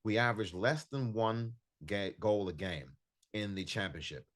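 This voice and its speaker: A man's voice: on the low side, moderate pace, a bit bright. A man hosting a solo football podcast, reviewing a match in an emphatic, frustrated way and repeating himself for stress. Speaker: podcast host. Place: home recording in California.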